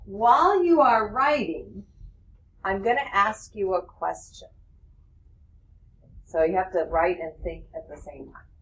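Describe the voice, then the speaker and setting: Lively woman teaching a math class. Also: medium pitch, measured pace, long pauses, poor audio. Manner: lively, explains with questions to the class. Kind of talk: classroom lecture.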